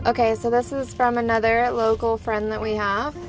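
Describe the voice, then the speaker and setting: A woman's voice: fairly high pitch, moderate pace, music in the background. A woman co-hosting a casual podcast, reading a listener's story aloud and laughing as she goes. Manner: animated storyteller, laughs and breaks into giggles. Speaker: podcast co-host.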